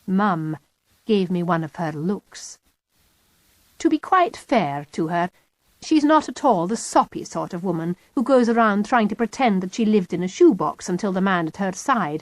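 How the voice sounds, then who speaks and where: A woman narrating an audiobook in a wry, lively storytelling manner. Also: mid-range voice, no echo. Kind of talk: scripted narration.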